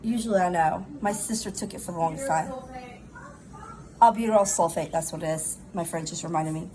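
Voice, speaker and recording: A middle-aged woman, chatting casually in a rambling, animated storytime while recovering from pneumonia. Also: fairly low pitch, brisk, a little hiss or hum, low-quality recording. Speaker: vlogger.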